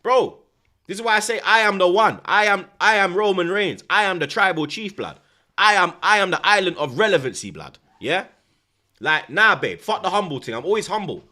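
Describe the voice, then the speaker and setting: A man, a football streamer talking in a loud, swaggering rant full of repeated slang tags. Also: high-pitched, expressive, normal speed. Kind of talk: casual boastful rant.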